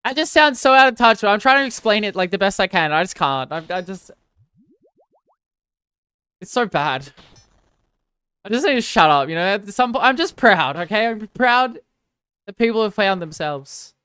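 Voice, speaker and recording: Woman streamer rambling on, keeps apologizing, smooth clear voice, dry close mic. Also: mid-range voice, lively intonation, moderate pace, pauses often, a bit bright, dry recording. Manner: rambling, self-deprecating, apologetic, chatty. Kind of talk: casual live-stream chat with viewers.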